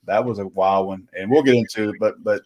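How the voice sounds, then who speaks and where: A man's voice: on the low side, fairly even intonation, fairly quick, darkish tone. A middle-aged man casually telling a rambling story, acting out what each person said. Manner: rambling anecdotal with quoted dialogue. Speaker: recruiting reporter.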